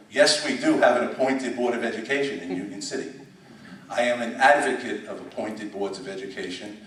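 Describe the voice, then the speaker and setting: A middle-aged man from the United States, a school superintendent giving an emphatic conference speech with repeats and restarts, in a conference room. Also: lowish voice. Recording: echoey hall, speaker far from mic.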